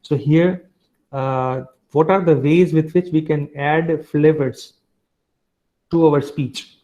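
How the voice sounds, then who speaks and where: A man's voice: fairly high pitch, fairly even intonation, slow pace, dark tone. A man giving a revision lecture to a class, chatty and full of tag questions and fillers. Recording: dull lo-fi sound.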